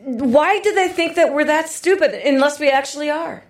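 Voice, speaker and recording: Woman, podcast host, sarcastic, a bit higher voice, roomy studio echo. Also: fairly quick. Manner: sarcastic, mocking asides. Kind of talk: political podcast interview.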